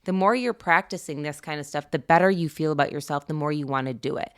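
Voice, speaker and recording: A middle-aged woman co-hosts a parenting chat and offers advice in an earnest, confident way. Her voice sits low and sounds smooth and clear. She strings her thoughts together in long, easy runs. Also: quick pace. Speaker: parenting podcast co-host. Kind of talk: casual conversational advice.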